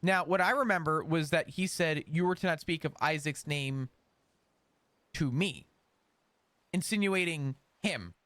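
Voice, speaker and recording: A man in character on a roleplay server, recounting a string of events in an animated, rambling way. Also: on the high side, unhurried, long pauses, dry recording.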